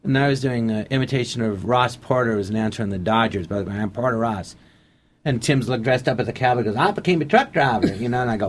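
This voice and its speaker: A middle-aged man recounts career anecdotes in a relaxed, conversational way. His voice sits at an ordinary middle pitch. He often slips into the voices of the people in his stories. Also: fast talker, slight background noise. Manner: animated anecdotes acting out quotes. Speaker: interview guest. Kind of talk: casual storytelling.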